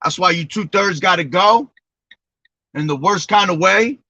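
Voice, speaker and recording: A man's voice: high voice, measured pace, pushed and bright, no echo. A man preaching informally, reading scripture aloud between profane, slangy, emphatic remarks. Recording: dull lo-fi dry recording.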